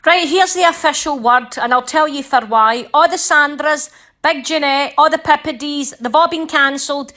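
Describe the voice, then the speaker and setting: A brash Scottish woman leader barking orders at the public, high and sharp, cursing freely and scolding like a fed-up mum, as a woman puts her on. The voice sits well up in the register with a bright, cutting edge. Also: moderate pace. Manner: blunt, sweary, scolding, dialect-heavy.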